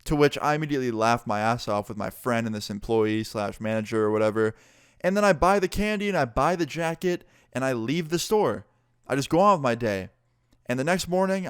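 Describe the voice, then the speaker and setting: A young man tells a story in an animated, casual way and swears freely as he goes. His voice is smooth and clear at a medium pitch. It is recorded close and dry. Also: no room sound. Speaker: vlogger.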